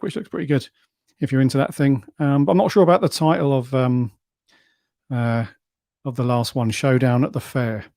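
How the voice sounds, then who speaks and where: A man's voice: mid-range voice, mellow, dry recording, studio quality. A man co-hosting a podcast, easygoing and hesitant, with many ums. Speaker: podcast co-host. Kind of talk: casual podcast chat.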